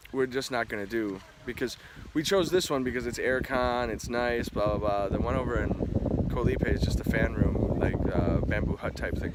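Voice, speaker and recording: A man's voice: medium pitch, heavy background noise. A young man vlogging outdoors by a resort restaurant, ranting and swearing as he recounts his frustrations to the camera. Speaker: travel vlogger. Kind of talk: venting vlog to camera.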